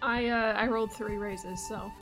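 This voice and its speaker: A woman's voice: mid-range voice, fairly even intonation, moderate pace, fairly bright tone, faint music behind. A woman playing a tabletop game, playful and insistent. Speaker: player. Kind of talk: casual tabletop game play.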